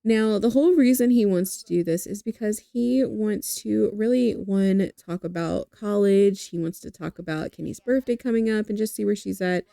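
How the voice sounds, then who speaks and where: A woman's voice: medium pitch, normal speed, gravelly, few pauses, mellow, dry recording, clean studio sound. A young adult woman narrating a life-simulation game, who chats with her viewers directly and laughs easily. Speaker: game streamer.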